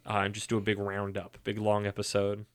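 A man co-hosts a podcast in a lowish, smooth, monotone voice, talking a little fast. He rambles casually, jokey and easygoing.

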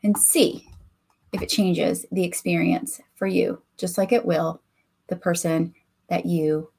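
A woman's voice: lowish voice, steady tone, takes it slowly, vocal fry, darkish tone, husky. A woman with a Southern US country accent hosting a casual solo podcast, talking directly and animatedly to her listeners. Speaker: podcast host and coach. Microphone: voice message recording.

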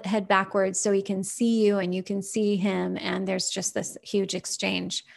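A woman hosting a motivational podcast, who talks in an animated, emphatic way and fires direct rhetorical questions at her listeners. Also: medium pitch, creaky. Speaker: podcast host.

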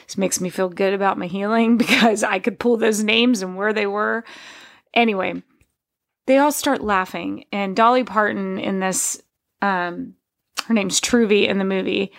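A woman's voice: mid-range voice, creaky. A woman hosting a podcast, sharing a personal story in a candid, heartfelt, conversational way. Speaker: podcast host.

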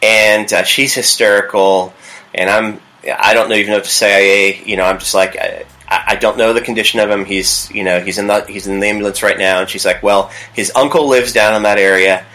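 A man who works as a youth pastor, telling a personal story in a casual, halting way with many restarts. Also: fairly low pitch, level tone, sharp tone, poor audio. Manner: halting, with frequent restarts and fillers.

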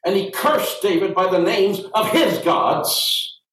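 Brief: man preaching, very animated delivery, bursts of shouting, echoey room. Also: high voice, slow pace. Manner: animated, calls on the congregation; shouting at peaks. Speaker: pastor. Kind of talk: sermon. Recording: roomy hall sound from far off.

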